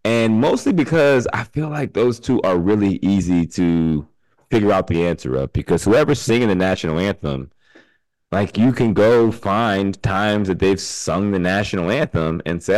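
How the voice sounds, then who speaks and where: Deep-voiced laughing podcast host. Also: male voice, lively intonation, normal speed, darkish tone, no room sound, low-quality recording. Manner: laughs often, reads sponsor spots. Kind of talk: casual podcast chat.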